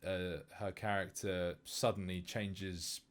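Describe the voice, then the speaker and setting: Lowish-voiced man chatting about films. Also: slow pace. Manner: animated, many fillers and restarts. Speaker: podcast co-host. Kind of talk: casual film discussion.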